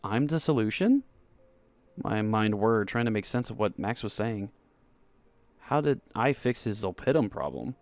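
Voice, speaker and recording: Young man narrating a romance softly. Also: on the low side, animated, moderate pace, gravelly, no echo. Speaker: storyteller. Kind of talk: first-person romance story narration. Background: faint background music.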